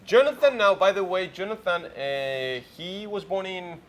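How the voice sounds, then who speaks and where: A man's voice: sits high, measured pace, slight background noise. A man hosting a morning show in casual chat, playfully quizzing his co-host.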